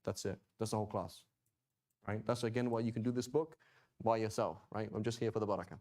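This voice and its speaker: A man's voice: lowish voice, fast, darkish tone. A man teaching a class in a casual, talkative way, often checking in with "right?" and "okay?" and adding joking asides. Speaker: Quranic Arabic teacher. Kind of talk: informal class lecture.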